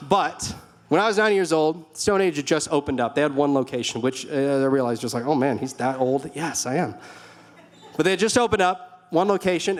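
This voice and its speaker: A young man preaching a sermon in a church hall, earnest and conversational, with storytelling asides. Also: fairly high pitch. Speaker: pastor.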